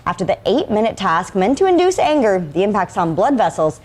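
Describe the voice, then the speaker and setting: A woman's voice: mid-range voice, very animated, a little fast, a little mellow. Chatty Minnesotan woman anchor. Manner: chatty, laughs easily. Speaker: news anchor. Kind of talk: casual studio chat and news reading.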